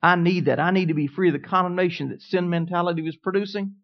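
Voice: medium pitch, fairly even intonation, fast. A preacher delivering a sermon, who repeats declarations with building emphasis and asks the congregation questions. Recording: dull, lo-fi sound.

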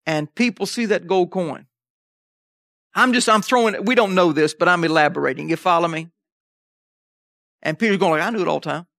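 A man's voice: sits high, normal speed, long pauses, fairly bright tone, no room sound, studio quality. A man preaching a sermon in a conversational way, checking in with the congregation as he goes. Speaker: pastor.

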